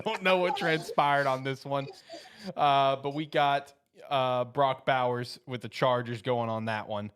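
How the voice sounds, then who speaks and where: A man's voice: medium pitch, fairly bright tone, smooth. A man hosting a casual podcast, rambling and laughing often as he runs a mock draft. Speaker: host running a mock draft.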